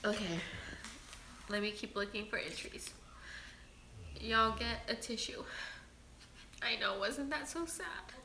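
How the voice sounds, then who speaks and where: A woman's voice: on the high side, takes it slowly, long pauses, bright, forceful tone, slight background noise. A woman hosting a livestream, reading viewer entries aloud and talking to her audience in an emotional, pleading, earnest way. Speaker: livestream host. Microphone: webcam or phone on a livestream. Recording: roomy echo.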